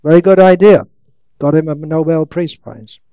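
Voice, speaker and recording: A man giving a scriptural lecture, reading out quotes slowly and breaking into sarcastic, ironic asides. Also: on the high side, steady tone, warm tone, clear, resonant tone, dry recording. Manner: reads quotes slowly, stretches words. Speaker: monk lecturer. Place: lecture hall in India.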